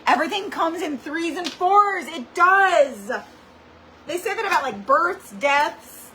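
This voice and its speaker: On her craft livestream, a woman speaks slowly in a very high-pitched voice, chatting with dramatic, animated flair and lots of "like." Audio from the computer or camera mic is poor, with slight background noise.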